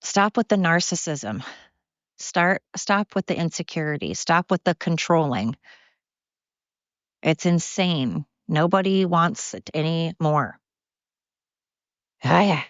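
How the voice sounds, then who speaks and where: A woman's voice: low-pitched, animated, takes it slowly, pauses often, no echo, highs cut off. A woman podcast host talking casually and bluntly in a rambling rant, outdoors walking her dogs.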